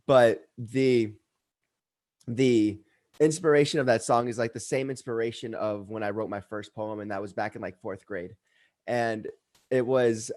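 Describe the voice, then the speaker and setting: A man on a video call introducing a poem in a rambling way, trailing off quietly. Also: on the low side, dry recording, studio quality. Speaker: poet performer. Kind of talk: casual talk then poetry recitation.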